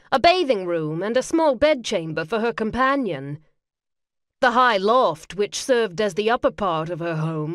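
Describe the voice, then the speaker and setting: A woman narrating a historical romance audiobook, reading in a measured, even storytelling manner on a close studio mic. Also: fairly high pitch, no room sound. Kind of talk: scripted narration.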